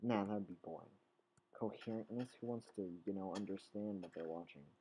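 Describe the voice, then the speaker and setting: A man's voice: on the low side, a little fast, mellow, slight background noise, rough recording. A young man rambling goofily to himself while commentating his own video game play. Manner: goofy, rambling, talks to himself. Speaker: gaming channel host.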